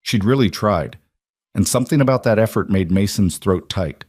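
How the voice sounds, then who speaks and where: Low-voiced man narrating a story. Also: lively intonation, normal speed, a little mellow, breathy edge, no echo, clean studio sound. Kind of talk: scripted narration.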